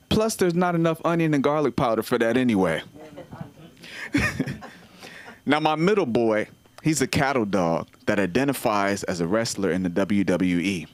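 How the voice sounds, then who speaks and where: A man performing a stand-up comedy set at an open mic, telling animated stories and acting out the voices of people and dogs. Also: medium pitch, normal speed.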